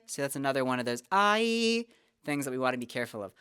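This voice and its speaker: A young adult vocal teacher, calmly explaining singing technique step by step in a casual lesson. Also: medium pitch, fairly quick, clean tone, no room sound, clean studio sound. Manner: relaxed, explanatory, talks through technique step by step.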